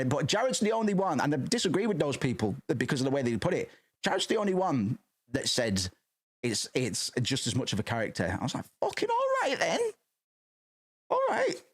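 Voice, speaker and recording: Brief: male streamer, casual and profane, loud and passionate, lively pitch that swings up and down. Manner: rambling, profane, says "man" a lot. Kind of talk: casual livestream chat.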